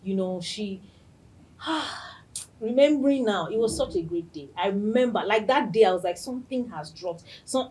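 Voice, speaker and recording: A woman hosting a podcast, telling a personal story in an excited way and laughing often. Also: mid-range voice, rough recording. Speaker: podcast host.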